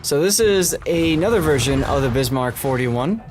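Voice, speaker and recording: A man's voice: on the high side, expressive, normal speed. A man casting a game tournament in casual livestream chat, easygoing and rambling, with a scratchy voice. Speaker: tournament caster.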